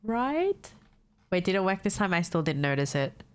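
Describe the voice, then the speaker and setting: A woman's voice: fairly low pitch, big pitch swings, moderate pace, clear, resonant tone. A young woman with a stuffed-up nose from a cold, chatting casually to her stream viewers, swearing freely and laughing often. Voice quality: nasal, congested.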